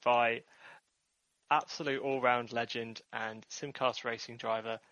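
A man's voice: mid-range voice, flat delivery, normal speed, a bit bright, no room sound, muffled recording. A man co-hosting a podcast in casual chat, teasing and laughing often. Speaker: podcast co-host.

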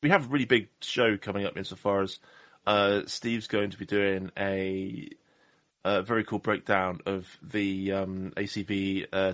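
Jokey rambling man, lowish voice. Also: no echo. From Southwest England. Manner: rambling, jokey, self-deprecating. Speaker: podcast co-host. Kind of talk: casual chat.

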